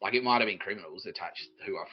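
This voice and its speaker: A man's voice: low voice, fast, husky, dull audio. A man, hosting a podcast stream and rambling through a comic monologue, swearing often and laughing at his own jokes. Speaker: podcast host streaming live. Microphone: desk microphone.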